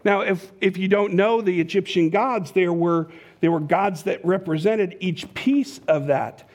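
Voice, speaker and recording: A man's voice: sits high, measured pace, darkish tone. A man preaching a sermon to his congregation, talking conversationally and working in a joke. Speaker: pastor.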